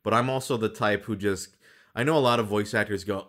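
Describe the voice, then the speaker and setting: A man, a voice actor, chatting casually in a relaxed, thoughtful way, hesitating and restarting, with wry laughs. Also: lowish voice, a little fast. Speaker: voice actor, podcast co-host. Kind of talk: casual chat.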